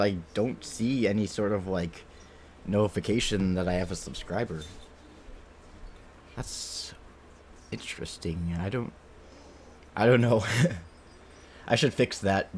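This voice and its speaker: A man with a lowish voice chats loosely with his stream viewers, thinking out loud in an easygoing way. A faint hum of room noise sits behind his home mic. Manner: relaxed, chatty, talks while eating, muses aloud. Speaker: game streamer. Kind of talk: casual stream chat while playing.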